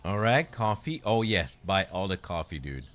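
Male streamer, deep bright voice, self-mocking casual game chatter with some swearing. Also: very animated, normal speed.

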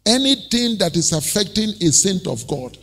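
Nigerian pastor, high lively gravelly voice, sermon in an echoing church. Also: male voice, moderate pace. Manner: animated storytelling preaching with laughs.

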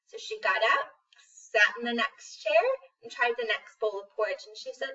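A woman telling a children's story in a relaxed, unhurried way. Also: on the high side, distant mic, muffled recording. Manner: relaxed, unhurried with some ums. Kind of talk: casual storybook narration.

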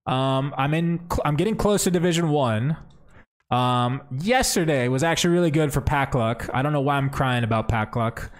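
A man's voice: mid-range voice, moderate pace. Chatty young man streaming a game. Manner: chatty, thinks aloud, says bro and man. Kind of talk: casual livestream commentary.

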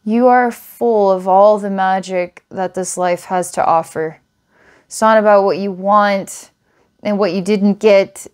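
Woman psychic, mid-pitched voice, earnest and rambling, halting restarts, reading for a client. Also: a little mellow. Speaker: psychic reader.

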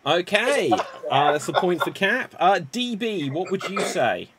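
A man hosting an online improv show, briskly introducing the games and calling for votes. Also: high-pitched, expressive, a loud crowd. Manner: brisk, upbeat, running the games.

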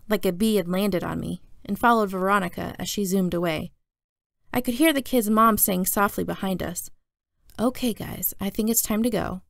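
A woman reading a novel aloud as first-person narration, telling it in an even storytelling manner. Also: mid-range voice, gravelly, dry recording, clean studio sound. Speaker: audiobook reader.

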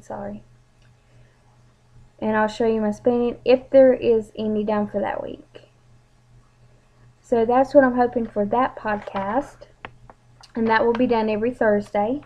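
A young woman, chatting casually and a bit rambling as she introduces her channel. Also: a little high. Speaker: vlogger. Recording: dull lo-fi home recording.

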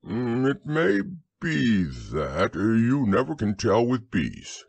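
A man voicing a gentle, slow-thinking teddy bear in a bedtime audiobook, musing and earnest. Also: medium pitch, big pitch swings, creaky, slightly rough, no echo, heavily acted. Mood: hushed.

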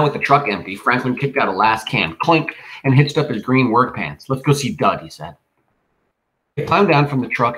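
A man reading a horror novel aloud in a measured, unhurried way, with small restarts. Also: medium pitch, fairly bright tone, low-quality recording. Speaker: audiobook reader. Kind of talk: scripted narration of a horror novel.

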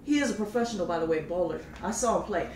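A woman's voice: on the low side, fast. A woman telling her side of a domestic spat, profane and acting out the scenes. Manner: animated, profane, acts out scenes. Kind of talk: casual comic vlog storytelling. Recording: very echoey room, far from mic, clear background noise.

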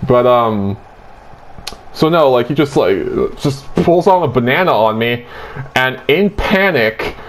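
A young man tells a dream story in casual chat, with a middle-pitched voice. He rambles crudely and loads his sentences with filler likes. A faint ambient noise hangs behind him. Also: expressive, unhurried. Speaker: host retelling his dream.

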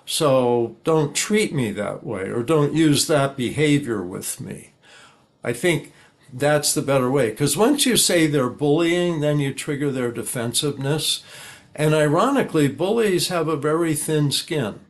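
Older man, calm, explanatory, measured, interview guest. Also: a little high. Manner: calm, explanatory, acts out sample dialogues. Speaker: guest expert on high-conflict people. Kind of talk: conversational interview.

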